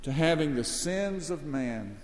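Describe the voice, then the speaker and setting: A man's voice: lively intonation, a little slow, darkish tone. Earnest male preacher in a reverberant hall. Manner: earnest, rises to emphatic peaks then drops low. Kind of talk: expository sermon.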